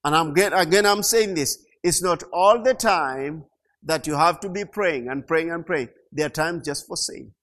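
A middle-aged man preaching a sermon, slow and emphatic, repeating key phrases and rising to loud peaks. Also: on the high side. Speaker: pastor.

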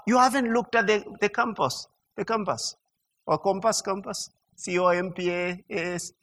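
A man preaching a sermon in an animated way, stammering through restarts and building to emphatic peaks. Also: sits high, normal speed. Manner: animated, mimics mock prayer sounds and laughs. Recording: long hall reverb.

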